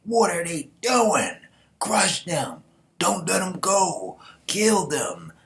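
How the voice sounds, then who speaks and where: A man yelling as shouting enemy soldiers. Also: high-pitched, wildly swooping pitch, slow pace, gravelly, pitched above the performer's own voice, heavily acted. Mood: commanding. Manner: yelling orders.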